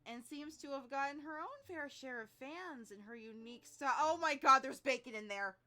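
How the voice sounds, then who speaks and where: A woman's voice: high-pitched, moderate pace, bright, forceful tone. A woman streaming a visual novel, reacting and joking in live commentary.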